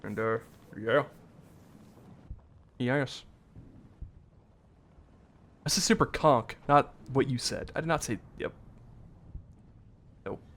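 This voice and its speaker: An esports caster covers an online tank game match live, speaking slowly with long pauses in a mid-range, fairly bright voice. His commentary is casual and meandering, with frequent self-corrections and sentences that trail off into fillers.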